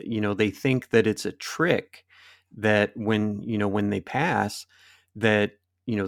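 A man with a fairly low voice hosts an interview, recorded dry and close. He listens calmly and asks his questions in a casual way. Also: dry recording. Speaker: host.

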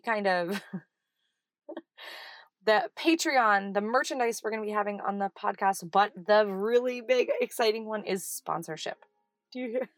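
A woman's voice: medium pitch, vocal fry, a bit bright, no room sound. A woman, chatting casually as a podcast host from her parked car, laughing at herself. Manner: chatty, self-deprecating, laughs easily. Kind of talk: casual chat. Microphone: handheld mic in a car.

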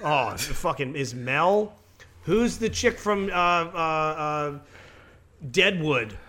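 Bright-voiced profane podcast host. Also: male voice, a little high, animated, takes it slowly. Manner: rambling, profane, laughs at his own jokes. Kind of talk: crude comedic wrestling podcast banter.

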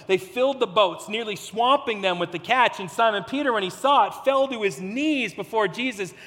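A man's voice: high-pitched, bright, forceful tone, in a large hall. A man preaching a sermon in a conversational, storytelling way, acting out quotes as he goes.

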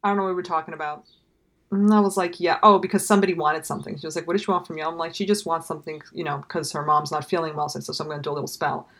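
A woman's voice: sits low, fairly even intonation, racing, fairly bright tone. A woman telling a story in casual conversation, wry and trailing off, acting out the lines of others. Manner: wry, trails off, acts out quoted dialogue.

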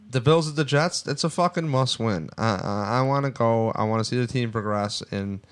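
Male podcast co-host, rambling and profane, smooth clear tone. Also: fairly low pitch. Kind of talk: casual sports podcast chat.

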